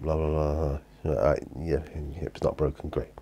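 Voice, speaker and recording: British male hobby vlogger, low and mellow, tired, rambling chat. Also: flat delivery, a little slow, few pauses, husky. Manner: rambling, chatty, with many fillers and restarts. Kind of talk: casual chat. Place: hobby room at home.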